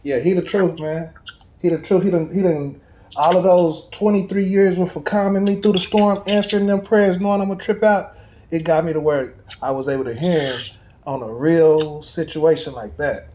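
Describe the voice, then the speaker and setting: A man in casual chat, telling a personal story with animated emphasis and street slang. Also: fairly high pitch, moderate pace, a little hiss or hum.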